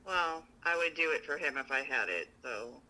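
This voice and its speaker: Woman podcast co-host, gossipy and profane storyteller, tense bright tone. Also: extremely low pitch, expressive, normal speed, poor audio. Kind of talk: casual storytelling chat.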